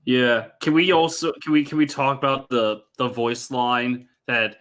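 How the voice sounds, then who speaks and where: A man co-hosting a casual review podcast, halting with restarts and laughing often. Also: medium pitch, fairly even intonation, fairly bright tone. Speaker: podcast co-host.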